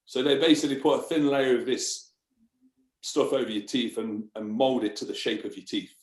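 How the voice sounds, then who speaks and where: A man's voice: medium pitch, normal speed. A man, a guest on a podcast, talking casually, swearing and laughing often. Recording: roomy echo.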